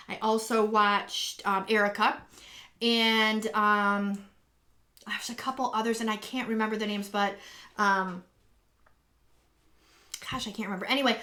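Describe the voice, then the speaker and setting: Woman host, higher voice, rambling live-stream chat from home, excitable with viewers. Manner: chatty and rambling, many ums and restarts; excitable and gushing when greeting viewers. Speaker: live stream host and acrylic pour artist. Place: home, indoors.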